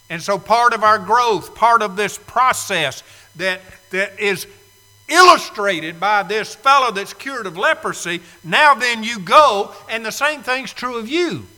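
A man's voice: sits high, bright, forceful tone, in a large hall. A man preaching a sermon to a live congregation, emphatic and fond of repeating key phrases. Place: church sanctuary, live congregation.

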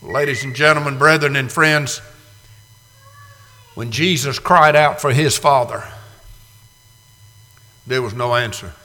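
A man in his sixties preaching a dramatic sermon, moving from hushed, slow passages to loud cries. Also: mid-range voice. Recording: reverberant hall.

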